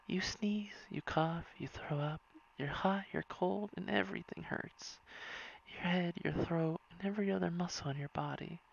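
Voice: medium pitch, slow pace, creaky. A reader voicing an irritable, sick teenage boy as whispered role-play, grumbling in clipped phrases. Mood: irritated. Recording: dull lo-fi recording.

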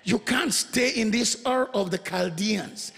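A man preaching a sermon as pastor, leading the congregation in call-and-response and breaking into emphatic shouts. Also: sits high, measured pace, gravelly. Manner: emphatic call-and-response, repeats phrases and has the congregation echo them; bursts into shouts. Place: church before a congregation.

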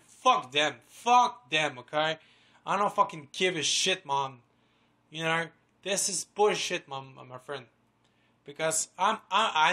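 Bright-voiced rambling man, boastful vlogger. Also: a little high. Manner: rambling, repeats words, swears a lot, boastful. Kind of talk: rambling casual vlog.

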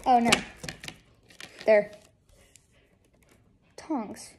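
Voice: medium pitch, fairly even intonation, drawn-out words. A teenager unboxing an advent calendar in a casual vlog, grumbling and exasperated, rambling asides to viewers. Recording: loud background noise.

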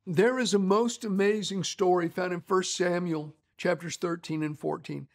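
A man's voice: high voice, fairly even intonation, normal speed, gravelly. A middle-aged male pastor preaching in a folksy, storytelling way, with frequent restarts and fillers. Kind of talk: conversational sermon storytelling.

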